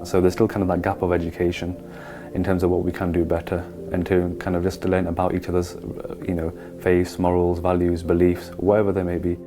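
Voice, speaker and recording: A man speaks in an interview, pausing often with fillers. His voice is very deep and flat, and music plays clearly behind him. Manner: hesitant, many fillers. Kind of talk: interview statement.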